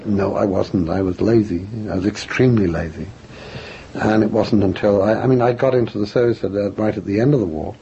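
An older man from England talks through his past in an unhurried, self-mocking way, often stopping to restart a thought. His voice is low, warm and gravelly. The recording is dull and lo-fi, with a faint hiss behind him. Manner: reflective, self-deprecating, frequent restarts. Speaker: author and guest. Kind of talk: interview answers.

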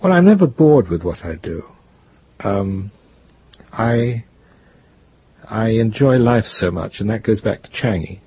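An older man, a guest author, telling stories in an interview in a rambling, reflective way with a gravelly, husky voice. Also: fairly low pitch, expressive, unhurried, pauses often, darkish tone, lo-fi sound. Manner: rambling, reflective, restarts often. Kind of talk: interview, storytelling.

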